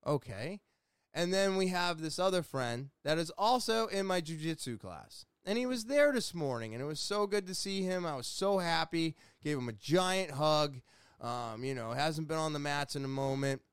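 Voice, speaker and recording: New guy rambling on camera, smooth clear voice, kinda high, dry sound, earnest and hard on himself. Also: expressive, normal speed, dry recording. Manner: rambling, earnest, self-deprecating. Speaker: vlogger. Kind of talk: casual chat. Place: small home room with sound panels.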